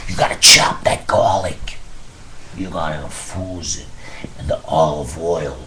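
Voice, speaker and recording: A man's voice: rumbling low, measured pace, sharp tone, a little hiss or hum, exaggerated voice. A man putting on a hot-tempered middle-aged mobster cook, swaggering, swearing and rambling in an improvised comic monologue, recorded on a webcam at home. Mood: blustering. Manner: tough-guy swagger, heavy swearing, rambling.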